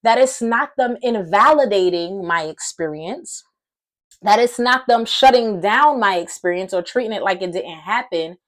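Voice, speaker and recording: A woman giving a casual, animated Christian teaching to camera, chatty and excitable, calling her listeners y'all. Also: mid-range voice, moderate pace. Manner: conversational slang, addresses viewers as y'all.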